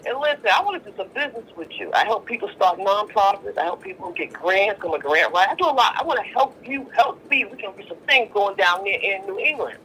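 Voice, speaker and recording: A woman's voice: mid-range voice, lively intonation, quick pace, few pauses, pushed and bright, slight background noise, rough recording. A woman from Boston calling in to a show, gushing and eager. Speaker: caller. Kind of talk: phone-in chat.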